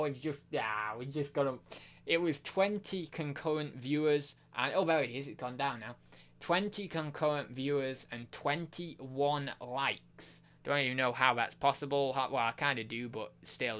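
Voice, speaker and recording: A man's voice: mid-range voice, bright, forceful tone. A man chatting casually on a live stream, rambling with lots of fillers and restarts.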